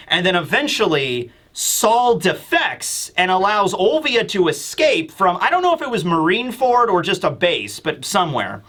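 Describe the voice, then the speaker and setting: Bright-voiced rambling man reviewer. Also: sits high, big pitch swings, normal speed, hardly any pauses. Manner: rambling, many fillers, thinking aloud. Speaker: anime and manga reviewer. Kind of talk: casual chat.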